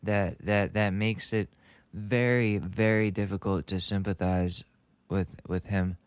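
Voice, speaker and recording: A man's voice: deep voice, fairly even intonation, measured pace, smooth, no room sound. A young man hosting a podcast, riffing casually and joking about a clip he is playing. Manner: rambling, joking, laughs at own bits. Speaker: podcast host. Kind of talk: casual comedic commentary.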